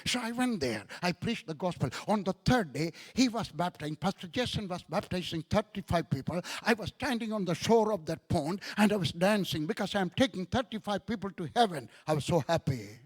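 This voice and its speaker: A guest preacher, a man with an Indian English accent, delivers his sermon through stories. His voice sits high, and he repeats key lines emphatically, acting out the dialogue as he goes. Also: sing-song, normal speed. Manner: repetitive, emphatic storytelling with quoted dialogue. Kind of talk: sermon storytelling.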